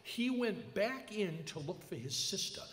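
A heartbroken old father speaks in a halting, earnest, grieving way, as a lecturer acts him out. His voice rises and falls widely and echoes around a large hall. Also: on the low side, big pitch swings, a bit bright.

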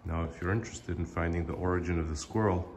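Deep gravelly man, wry vlogger. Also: steady tone, fast, a little mellow, a little hiss or hum. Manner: whispering; wry, joking. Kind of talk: casual home vlog.

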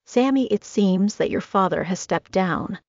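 A woman voicing a flamboyant, overly dramatic man in an audiobook, in a slightly higher, fussy tone. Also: animated, unhurried, no echo. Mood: theatrical. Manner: theatrical, fussy. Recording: dull lo-fi recording.

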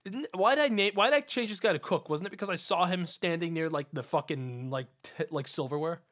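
Speaking a little fast in a fairly high, fairly bright voice, a streamer plays a mystery game live. He casually thinks out loud and talks to his chat while solving it.

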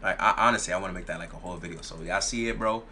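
A man's voice: deep voice, very fast, sharp tone, slight background noise. A young man giving casual gameplay commentary, playful and boastful, full of slang and repeated phrases. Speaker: gaming YouTuber.

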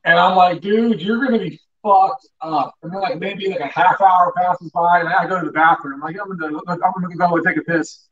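A man's voice: high-pitched, a little fast, hardly any pauses. A young man co-hosting a livestream, telling a crude story with lots of swearing. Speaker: livestream co-host. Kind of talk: casual storytelling. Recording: distant, muffled lo-fi sound.

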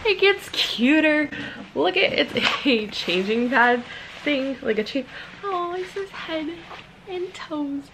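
Gushing young woman, somewhat high voice. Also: measured pace, background noise. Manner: gushing, excitable, fills talk with "like" and "you guys"; emotional, near tears at times. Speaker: vlogger. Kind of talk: casual unboxing vlog.

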